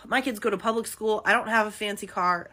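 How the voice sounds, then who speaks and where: A woman's voice: medium pitch, normal speed. Tearful exasperated woman in her thirties. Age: 30s. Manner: exasperated, swearing, rising to near shouts. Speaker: working mother. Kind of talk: emotional rant to camera.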